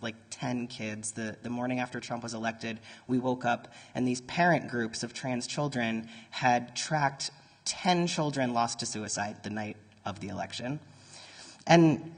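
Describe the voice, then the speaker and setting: A man speaks at a mid pitch to a live audience in a conference hall, his voice trailing a long reverb off the walls. His delivery is conversational and earnest, and he throws quick nerdy asides to the crowd. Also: a bit bright. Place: conference room before an audience.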